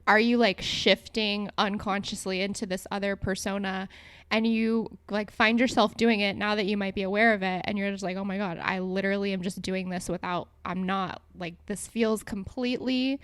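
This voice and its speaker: A young adult woman talks to her podcast listeners in a loose, rambling way, full of fillers and restarts. Her voice sits at an ordinary middle pitch. It is recorded close and dry, with no room sound. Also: no room sound. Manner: chatty, rambling, lots of "like" and self-corrections. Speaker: podcast host. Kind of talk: casual solo podcast monologue.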